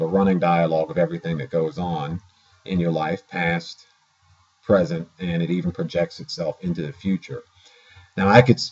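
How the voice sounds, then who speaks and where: Low, husky-voiced man vlogging casually. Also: a little mellow, dull audio. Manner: rambling, self-correcting, many fillers. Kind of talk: casual to-camera talk.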